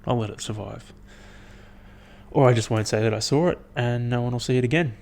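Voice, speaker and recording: A young man hosting his own podcast, chatting in a rambling, profane, animated way as he tells stories. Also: mid-range voice, a little fast, vocal fry. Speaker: podcast host. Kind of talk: casual solo podcast chat.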